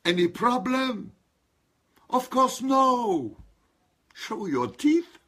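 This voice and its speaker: A male preacher delivering a sermon at a very unhurried pace, leaning hard on single words and calling his listeners to answer. His voice is husky, and his pitch leaps high and drops low. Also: big pitch swings, a bit bright. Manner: emphatic, calls on listeners to respond; stretches and stresses single words.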